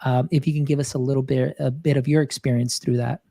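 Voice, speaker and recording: Male podcast host, warm low tone, dry mic, chatty meandering questions. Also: fairly even intonation, fast, creaky, no room sound. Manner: rambling questions with many fillers. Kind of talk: casual interview.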